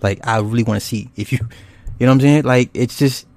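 A man's voice: mid-range voice, quick pace, a little mellow, dry recording. A man hosting a casual livestream, rambling and swearing loosely with frequent laughs as he reads viewer comments. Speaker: YouTube host.

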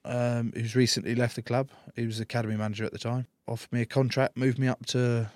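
Joking rugby player, dry sound. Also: male voice, medium pitch, flat delivery, quick pace, darkish tone, dry recording. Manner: jokey storyteller, swears, acts out quotes. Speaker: professional rugby player, guest. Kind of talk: casual interview chat.

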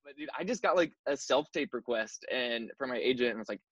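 A man's voice: medium pitch, expressive, fast talker, a bit bright, no echo. Laid-back young man, dull dry sound. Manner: easygoing, says "like" and "dude" a lot. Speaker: actor guest. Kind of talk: casual interview chat.

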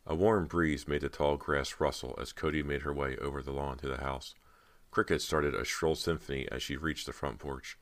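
A man narrating a horror audiobook in a steady storytelling manner. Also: extremely low pitch, normal speed, no echo.

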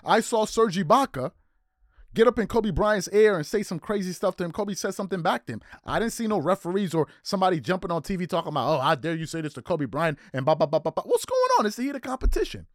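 Guy going off on a sports rant, high lively voice, aave, dry close sound. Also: quick pace, dry recording. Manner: heated, incredulous, repetitive rhetorical questions. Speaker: sports commentary host.

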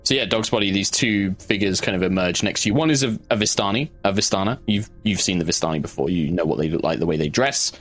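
A man narrating a tabletop game as game master, meandering and halting, with many fillers and restarts. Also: deep voice, fairly bright tone, soft background music.

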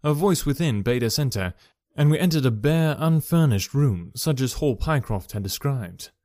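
A man narrating a classic detective story with steady storytelling. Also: mid-range voice, moderate pace, dry recording, clean studio sound. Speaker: audiobook narrator.

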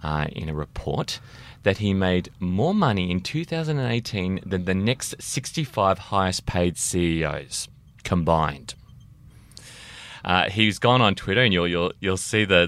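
Low-voiced podcast host. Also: male voice, a bit bright. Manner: chatty, laughs often, reads tweets aloud. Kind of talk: casual motoring podcast chat.

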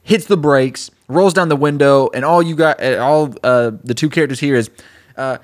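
Animated young man pitching a story. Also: normal speed. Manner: animated storyteller, laughing at his own jokes. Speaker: podcast co-host. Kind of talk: casual chat, pitching a story.

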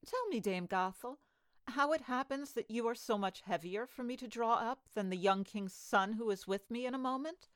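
A woman voicing a gentle young maiden in a storybook reading, speaking earnestly. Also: a little high, normal speed, no echo, clean studio sound, pitched above the performer's own voice, lightly acted.

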